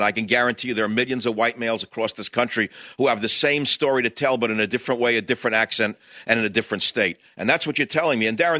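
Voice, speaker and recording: Man, New York accent, radio host, forceful bright tone, dry slightly muffled studio sound. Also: lowish voice, dry recording. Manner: impassioned, combative ranting. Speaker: radio talk show host. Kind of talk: talk radio monologue. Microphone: studio microphone, dry.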